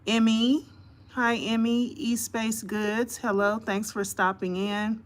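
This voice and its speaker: A woman live-streaming as a host, reading news reports aloud haltingly with many fillers and greeting her viewers by name. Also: fairly high pitch, little pitch movement.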